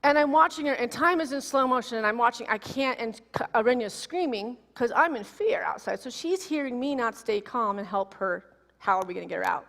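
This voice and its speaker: A woman's voice: a little high, a little fast, gravelly. Woman preaching in a reverberant hall. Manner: animated, emotional storytelling with acted quotes. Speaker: minister. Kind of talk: sermon with personal storytelling. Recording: long reverb of a large hall.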